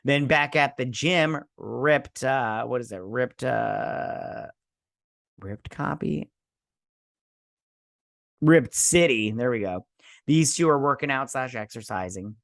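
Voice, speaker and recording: A man hosting a casual episode recap, rambling, with loose asides and quick mock quotes of the characters. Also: medium pitch, creaky, fairly bright tone, no room sound, clean studio sound. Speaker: host.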